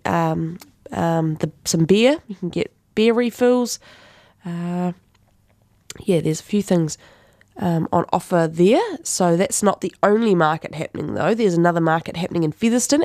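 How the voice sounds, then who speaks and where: Chatty New Zealand woman, low-pitched and dry. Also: a little mellow, no echo. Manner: chatty, rambling, with fillers and self-corrections. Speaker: community radio host. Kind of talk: casual community events rundown. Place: radio studio.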